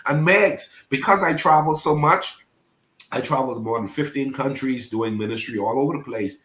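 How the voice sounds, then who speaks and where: A man who is a pastor, telling a painful personal story as a podcast guest in an animated, preacher-like way. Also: medium pitch, moderate pace, reverberant. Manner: animated, preacher-like, acts out quoted voices.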